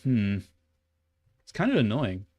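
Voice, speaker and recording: A man's voice: fairly low pitch, wildly swooping pitch, a little slow, a little mellow. A man chatting casually to himself as he works on a 3D model, swearing and puzzling over problems aloud. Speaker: 3D modeling streamer. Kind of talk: casual chat while working.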